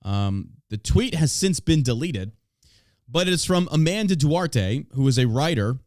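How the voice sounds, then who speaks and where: A man hosting a podcast in casual chat, talking in an animated, profane and sarcastic way. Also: fairly high pitch, unhurried, dry recording, studio quality. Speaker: podcast host.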